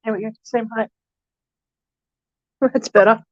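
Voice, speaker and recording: A woman's voice: fairly high pitch, steady tone, measured pace, darkish tone, dry recording, dull audio. A woman streaming casually while tending her fish tanks, chatty and self-deprecating, cooing to her fish. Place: home room with fish tanks.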